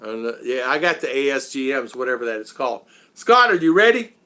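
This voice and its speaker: A man's voice: medium pitch, very animated, a little fast, sharp tone. A man hosting a casual live stream, rambling and chuckling, with many fillers.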